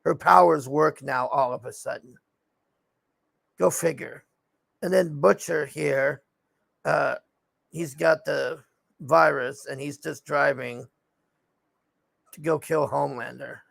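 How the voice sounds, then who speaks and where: A man's voice: fairly high pitch, fairly even intonation, slow, vocal fry, long pauses, a bit bright, dry recording. A man recapping a TV show in a casual, rambling rant, frustrated and swearing often. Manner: frustrated, profane ranting; rambling with frequent fillers. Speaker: TV show reviewer.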